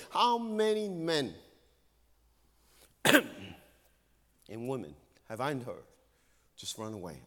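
A male pastor preaching a sermon with earnest emphasis, dropping to hushed tones and rising again. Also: big pitch swings, unhurried, long pauses. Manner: earnest, swings between loud emphasis and hushed low tones. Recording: long hall reverb.

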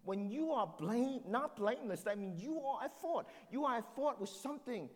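A man's voice: very high-pitched, expressive, moderate pace, big-room sound. A man preaching a sermon as pastor, driving points home with rhetorical questions.

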